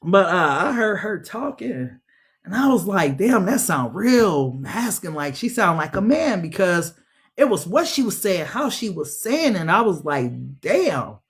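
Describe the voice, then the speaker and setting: A woman's voice: mid-range voice, sing-song, normal speed, husky. Blunt, profane woman reading tarot. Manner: blunt, profane, sassy slang. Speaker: tarot reader. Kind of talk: casual tarot reading livestream.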